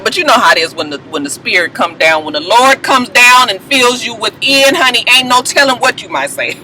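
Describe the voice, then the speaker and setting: A woman's voice: mid-range voice, animated, moderate pace, hardly any pauses, bright, forceful tone, a little hiss or hum, poor audio. A woman giving a sassy, profane reality TV recap, mimicking the cast and laughing often.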